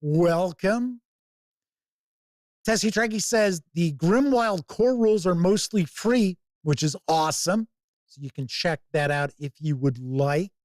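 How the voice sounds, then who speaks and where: A man hosting a tabletop gaming livestream in casual, unhurried chat. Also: high-pitched, dry recording, studio quality. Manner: unhurried, relaxed talk with fillers. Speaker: host.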